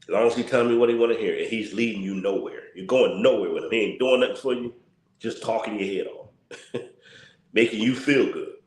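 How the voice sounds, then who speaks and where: A man's voice: lowish voice, a little fast, roomy sound. A tired man hosting a casual livestream, talking in a blunt, repetitive, slangy rant. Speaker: channel host.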